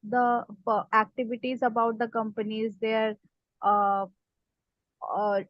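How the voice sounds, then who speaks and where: A woman student with an Indian English accent, answering hesitantly with many pauses. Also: a little high, little pitch movement, dry recording, dull audio.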